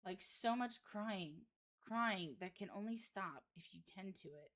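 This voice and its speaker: A woman's voice: medium pitch, a little slow, fairly bright tone. A woman streamer reading a horror visual novel aloud, breaking off for wry, sarcastic asides.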